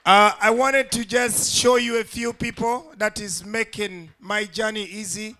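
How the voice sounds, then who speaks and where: With fairly even intonation and a measured pace, a man performs stand-up in a high, bright voice over a stage mic, animating his tale and putting on voices for the people in it.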